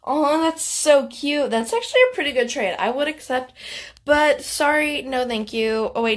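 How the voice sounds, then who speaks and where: Bubbly, giggly woman with a slightly high voice. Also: normal speed. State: voice keeps fading. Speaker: YouTuber host. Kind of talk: casual gameplay commentary.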